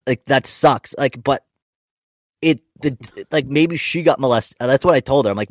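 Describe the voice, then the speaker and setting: Young new dude on a podcast, rambly, swears a lot, mid voice, dead dry mic. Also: male voice, medium pitch, normal speed, dry recording. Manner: rambling, profane, self-interrupting anecdotes. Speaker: podcast host and stand-up comic. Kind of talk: casual podcast storytelling.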